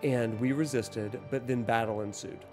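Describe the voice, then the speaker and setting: A man's voice: medium pitch, normal speed, soft background music. A man telling a casual, self-deprecating story about his game session, acting out the lines. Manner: animated storyteller, self-deprecating, acts out dialogue. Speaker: gaming vlogger. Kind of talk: casual gameplay recap.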